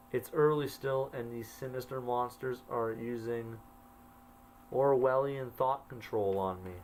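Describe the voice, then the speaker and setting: A man's voice: medium pitch, slight background noise, rough recording. A man telling his own story, reading his old journal entries aloud and adding wry asides. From Canada.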